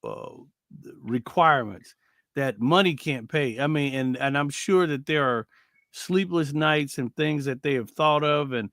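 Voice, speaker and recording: A man co-hosting a casual faith talk show, telling stories with lively acted-out quotes. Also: a little high, unhurried, no echo, clean studio sound. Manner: animated storyteller, acts out quoted voices.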